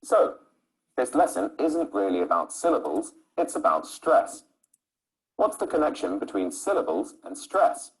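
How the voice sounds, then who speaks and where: A man's voice: fairly high pitch, very animated, unhurried, creaky, low-quality recording. A man teaching English pronunciation, stretching out syllables to show the stress. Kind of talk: scripted lesson narration.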